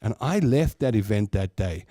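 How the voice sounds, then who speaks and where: A man's voice: fairly low pitch, expressive, normal speed, dark tone, no echo. A man with a South African accent hosting a show, telling rambling personal stories in a casual way. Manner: chatty, rambling anecdotes with repeats. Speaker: show host. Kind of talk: casual storytelling.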